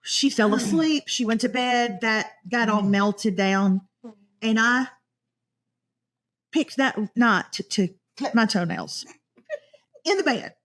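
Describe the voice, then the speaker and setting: Lively high-voiced woman storyteller. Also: slow, pauses often. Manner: laughs often while telling stories. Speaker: podcast host. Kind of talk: casual storytelling among friends.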